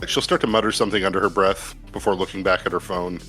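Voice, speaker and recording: Bright-voiced man running a tabletop game. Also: low voice, quick pace, faint music behind. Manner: descriptive, relaxed scene-setting with fillers. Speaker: game master.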